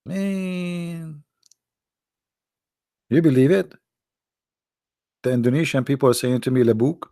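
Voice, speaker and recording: Hoarse gravelly man chatting on a livestream. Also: mid-range voice, a little fast, pauses often, mellow, dry recording, clean studio sound. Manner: teasing, laughs often, answers viewer questions. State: hoarse, voice strained and coughing. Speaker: livestream host answering chat. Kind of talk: casual livestream chat. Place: at home behind a computer.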